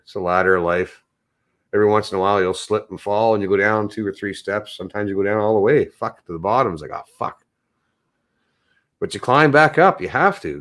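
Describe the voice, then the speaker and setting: A man's voice: fairly low pitch, fairly bright tone. A man chatting casually on a live stream, rambling and swearing often. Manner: rambling, swears a lot, gets anxious. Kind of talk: casual chat.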